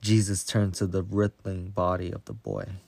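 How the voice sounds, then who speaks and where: A man narrating a Bible story in a slow, even, deliberate reading. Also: low-pitched, creaky, slightly rough, dry recording.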